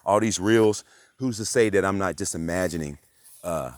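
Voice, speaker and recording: A man vlogging a rambling, profane rant that swings between muttering and loud outbursts. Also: low voice, moderate pace, no echo. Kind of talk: rambling monologue.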